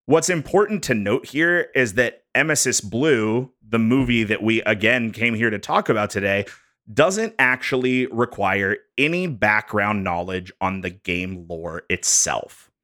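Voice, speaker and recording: A man on a podcast walking co-hosts through prepared bullet points in a jokey, animated way. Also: on the low side, a little slow. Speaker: podcast host presenting research. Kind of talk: casual podcast chat.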